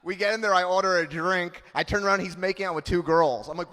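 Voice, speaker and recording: A man's voice: sits high, fast, few pauses, sharp tone, long reverb tail. A man in his thirties doing a punchy, self-mocking stand-up comedy set on a club stage. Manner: punchy, self-mocking delivery with acted-out quotes.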